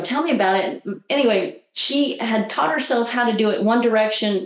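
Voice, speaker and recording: A woman coach sharing a story in an animated, conversational way, acting out the voices she quotes. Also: medium pitch, roomy sound. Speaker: guest coach.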